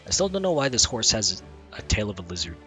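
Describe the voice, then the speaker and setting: A man streaming a game, talking casually with deadpan, crude jokes. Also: on the low side, quick pace, soft background music. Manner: joking, deadpan.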